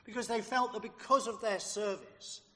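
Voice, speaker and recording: A man's voice: high-pitched, steady tone, normal speed, a bit bright, big-room sound. A man preaching a sermon, emphatic and fond of rhetorical questions put to his listeners.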